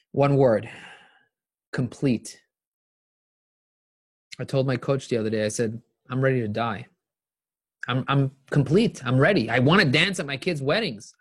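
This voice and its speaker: Energetic emphatic man, higher voice. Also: no room sound, clean studio sound. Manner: emphatic and animated, repeating phrases for emphasis. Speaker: motivational speaker on a live stream. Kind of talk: live-streamed motivational talk answering viewer questions.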